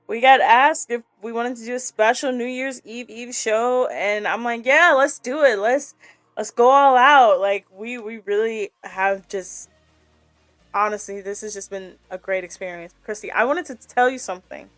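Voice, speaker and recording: A woman's voice: on the high side, fairly even intonation, normal speed, no echo, faint music behind. A woman co-hosting a sports and pop culture podcast, wrapping up the episode in an effusive, bubbly way. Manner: bubbly, effusive, pleading with listeners. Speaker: podcast co-host. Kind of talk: casual chat, sign-off.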